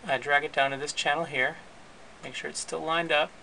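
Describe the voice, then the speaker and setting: A man hosting his podcast, casually walking through his recording and editing setup in a relaxed, rambling way with frequent restarts. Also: on the high side, a little fast, gravelly, slight background noise, rough recording. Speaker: podcast host and editor. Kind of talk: casual gear walkthrough.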